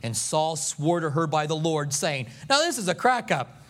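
High voiced pastor guy preaching, jokey and animated, acts stuff out. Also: moderate pace. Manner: animated, joking storyteller who acts out scenes. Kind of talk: sermon.

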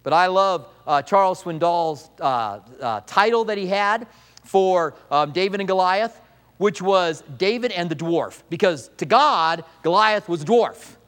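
A man preaching a sermon as a pastor, animated, acting out voices in quotes and repeating key lines for emphasis. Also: high-pitched, measured pace.

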